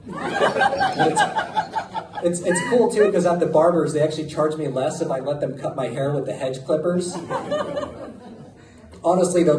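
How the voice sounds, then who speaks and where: A middle-aged American man delivers punchy, self-mocking stand-up with a lively, bouncing pitch. His voice is a little high for a man. It sounds roomy and picked up from a distance, with clear crowd sound and laughter around him. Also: noisy background. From United States. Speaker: stand-up comedian. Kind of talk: stand-up comedy set. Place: comedy club stage before a live audience. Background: audience laughter.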